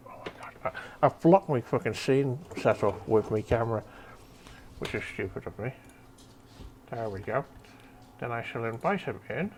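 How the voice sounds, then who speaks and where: A man's voice: medium pitch, lively intonation, moderate pace, pauses often, darkish tone, slight background noise. Chatty man hosting a stream. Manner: chatty, swears, fumbles with setup. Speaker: stream host. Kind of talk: casual chat while painting.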